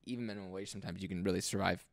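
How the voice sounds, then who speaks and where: Laid-back young man, lowish voice. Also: steady tone, racing, vocal fry. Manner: laid-back, earnest, plainspoken with casual slang. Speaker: podcast guest. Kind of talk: casual chat.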